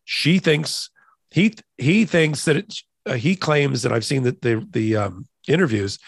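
A man's voice: mid-range voice, a little slow, gravelly, slightly rough, dry recording. Man, podcast co-host, explains law conversationally, close dry sound. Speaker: podcast co-host, trial lawyer. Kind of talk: casual legal commentary.

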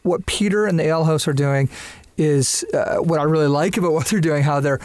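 A man's voice: on the high side, fairly quick, a little mellow, no echo. A man from Canada hosting a podcast, talking with rambling enthusiasm. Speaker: podcast host. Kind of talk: casual podcast chat.

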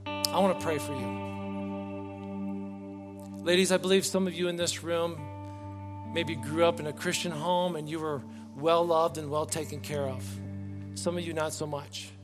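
Earnest pastor preaching in a big echoing church. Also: male voice, on the high side, fairly even intonation, normal speed, long pauses. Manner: earnest, pleading, with repeated restarts. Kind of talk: sermon. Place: church sanctuary. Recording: long reverb, faint music behind.

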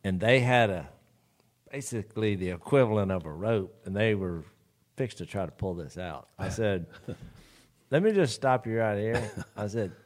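A man's voice: fairly low pitch, normal speed. A man telling a long story in casual podcast chat, chuckling and drawling as he goes. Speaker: podcast co-host.

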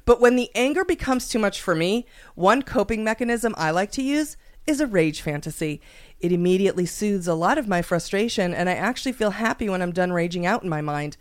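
A woman's voice: mid-range voice, lively intonation, a little fast. A woman comedian delivering a profane, furious, escalating rant, then talking candidly and ramblingly about it. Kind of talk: comedic ranting monologue.

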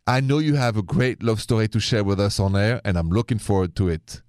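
A man's voice: fairly low pitch, brisk, darkish tone, no room sound, studio quality. A man hosting a late-night radio advice show, earnest and caring, slipping words into his talk. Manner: earnest, sprinkles French words.

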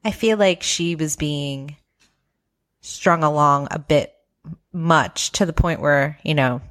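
Animated woman co-host, lowish voice. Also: slow. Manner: animated, acts out quotes in high squeaky voices. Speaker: podcast co-host. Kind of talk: casual chat reviewing a reality show.

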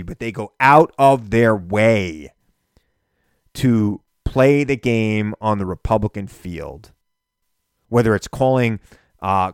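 A man hosting a political show, delivering an animated, indignant monologue full of rhetorical questions. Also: medium pitch, clean tone, no echo, clean studio sound. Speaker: political radio and podcast host.

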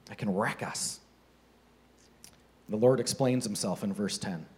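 A man preaching a sermon, animated and playful, acting out the characters with mocking voices. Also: on the low side, a little slow, husky.

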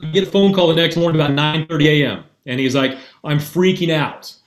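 A man's voice: a little high, fast talker. Man telling a story in an echoey room. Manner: animated, acts out both sides of dialogue. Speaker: mental performance coach. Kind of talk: casual storytelling. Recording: roomy echoey sound.

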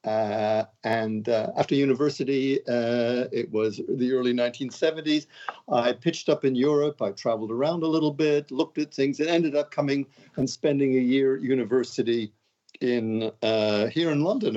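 A man's voice: mid-range voice, normal speed, mellow. A man in his seventies from Montreal, a guest author chatting in an interview with a wry, joking, self-deprecating manner. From Canada, Montreal. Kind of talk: casual interview talk. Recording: dull lo-fi audio.

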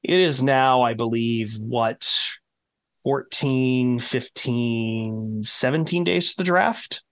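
Sick husky-voiced man hosting a podcast. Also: takes it slowly, fairly bright tone. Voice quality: low husky voice. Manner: wry, joking, rambling lead-ins. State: sick with a sore throat. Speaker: podcast host. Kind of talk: casual podcast chat.

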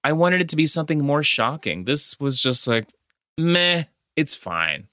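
A man co-hosting a casual podcast about films, talking in an excited way with exclamations and quick restarts. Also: on the high side, dry recording, studio quality. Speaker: podcast co-host. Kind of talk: casual movie chat.

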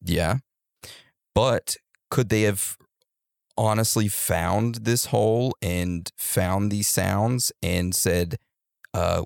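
A man co-hosting a casual podcast, talking in an unhurried, musing way with drawn-out questions. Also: on the low side, expressive, creaky, darkish tone, no room sound, studio quality. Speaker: podcast co-host.

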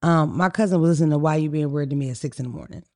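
Gravelly woman podcaster ranting, dark voice, dry sound, swears a lot. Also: sits low, very fast, dry recording. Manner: blunt, profane, animated storyteller. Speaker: podcast co-host. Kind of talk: casual chat.

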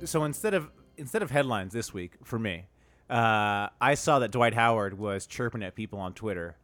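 A man's voice: fairly low pitch, lively intonation, normal speed, fairly bright tone, faint music behind. A man co-hosting a casual podcast, reading out jokey one-liners and laughing often. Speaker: podcast co-host. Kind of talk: casual comedy chat.

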